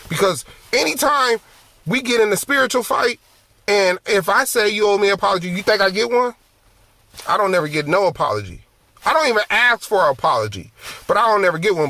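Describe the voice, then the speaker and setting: High-voiced man telling a testimony. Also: no echo. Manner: animated, conversational, repeats and restarts phrases. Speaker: minister. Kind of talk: personal testimony storytelling.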